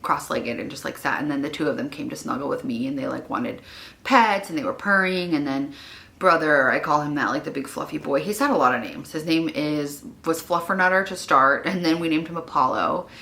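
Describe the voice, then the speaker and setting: A young woman chats to her camera at home in a loose, rambling way, full of "like" fillers. Her voice sits low yet sounds bright and forward. She gets emotional easily. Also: brisk, creaky. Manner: chatty, rambling, many "like" fillers; emotional, wavering at times. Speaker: vlogger. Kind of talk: casual vlog chat.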